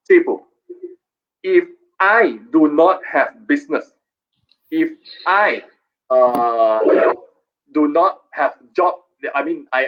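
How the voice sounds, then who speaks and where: A man hosting a live stream, coaxing viewers in a repetitive, playfully scolding sales-pitch manner. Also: highs cut off.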